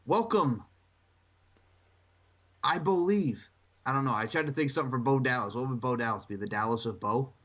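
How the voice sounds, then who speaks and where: Animated swearing man, podcast co-host. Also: moderate pace, pauses often. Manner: animated, swearing, jumps into shrill mocking impressions. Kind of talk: casual chat.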